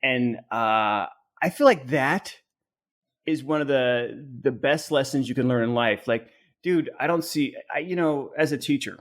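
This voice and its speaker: A man's voice: mid-range voice, unhurried. Man telling a self-deprecating story. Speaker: podcast co-host; teacher and improv comedian. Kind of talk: casual chat.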